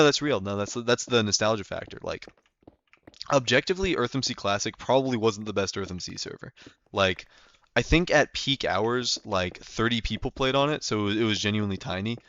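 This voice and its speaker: A man's voice: lowish voice, a bit bright, no room sound, highs cut off. A young man live-streaming a game, chatting casually and rambling with lots of fillers.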